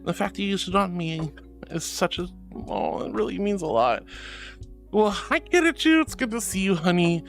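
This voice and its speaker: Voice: mid-range voice, big pitch swings, normal speed, vocal fry, faint music behind. A streamer in casual live-stream chat, thanking viewers and calling them sweetie and honey, laughing often.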